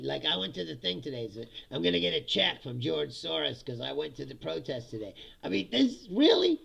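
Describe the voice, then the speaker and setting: Gravelly sarcastic man ranting. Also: sing-song, fairly quick, hardly any pauses, fairly bright tone. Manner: sarcastic, laughs often, swears, mocks opponents in high voices. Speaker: political commentary host. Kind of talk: casual political rant.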